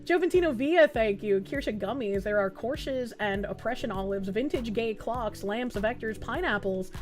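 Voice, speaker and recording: A woman's voice: fairly high pitch, normal speed, faint music behind. A young adult woman streaming, chatting loosely through casual reaction commentary, swearing freely and reading chat messages aloud.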